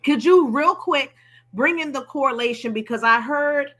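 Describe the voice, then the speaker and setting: A woman's voice: sits high, normal speed, bright, forceful tone. A woman hosting a live panel talk, affirming her guests and explaining for viewers. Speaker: host.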